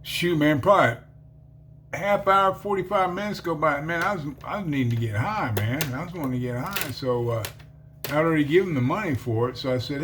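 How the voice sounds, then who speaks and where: A man's voice: fairly high pitch, fairly quick, fairly bright tone, slight background noise. A man who is an ex-convict telling his conversion story in a casual, rambling way full of fillers. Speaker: ex-convict giving a conversion testimony.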